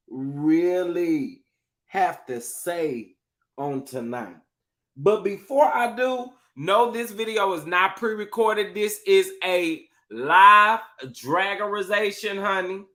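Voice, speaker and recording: A man's voice: high voice, sharp tone. A young man, a little tipsy and sassy, hosting a casual live stream, repeating his phrases with a drawl and greeting viewers in the chat. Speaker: livestream host.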